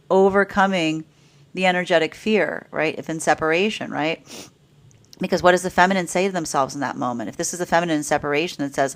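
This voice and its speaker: A woman giving a live tarot reading, talking in an animated, rambling way and often asking "right?" between points. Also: deep voice. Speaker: tarot reader.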